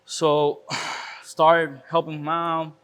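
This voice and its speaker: A man's voice: on the high side, monotone, extremely slow, a bit bright, clean tone. A man guest on an interview show, telling a personal story casually, stumbling and restarting and often calling the host bro. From Miami. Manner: repeats words, restarts often, says "bro". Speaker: podcast guest, shop owner.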